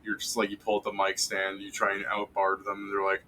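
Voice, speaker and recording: A man's voice: fairly low pitch, completely flat delivery, brisk, few pauses, sharp tone, slight background noise. A man running a tabletop game, explaining things casually. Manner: laughing, explaining. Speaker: game master.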